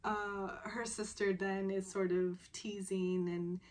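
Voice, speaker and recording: A woman's voice: mid-range voice, little pitch movement, takes it slowly, a little mellow. A woman vlogger giving a casual, chatty recap of a drama episode, laughing often and rambling with lots of fillers. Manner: giggly, laughs often while retelling.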